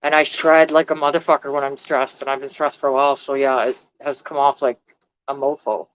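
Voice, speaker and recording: A woman's voice: very deep voice, steady tone, brisk, no room sound, muffled recording. A middle-aged woman vlogger chatting casually on a live stream, blunt and rambling, swearing freely.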